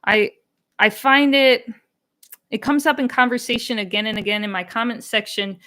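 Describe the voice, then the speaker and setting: A woman's voice: fairly high pitch, fairly even intonation, moderate pace, bright, forceful tone. A young woman hosting a language-learning channel, chatting casually on a live stream and answering comments. She is candid, laughs often and slips into Chinese phrases.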